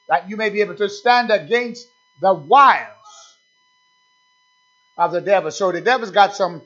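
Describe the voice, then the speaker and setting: A man's voice: high-pitched, fairly bright tone. A man preaching a sermon, emphatic and repetitive, calling out "amen" between points. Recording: dull lo-fi sound.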